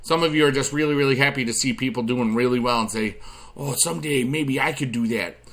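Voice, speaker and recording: Male gaming host, bright tone, chatty rambling commentary with sudden loud bursts. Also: mid-range voice, fast talker. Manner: rambling, chatty, drifts from quiet asides to loud excited bursts; addresses viewers directly with friendly advice. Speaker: YouTube gaming channel host.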